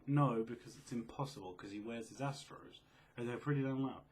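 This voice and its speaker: A quiet, low-key young man in casual chat, reading out and answering viewer questions. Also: fairly quick, slight background noise. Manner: quiet, low-key, self-described mellow and sleepy.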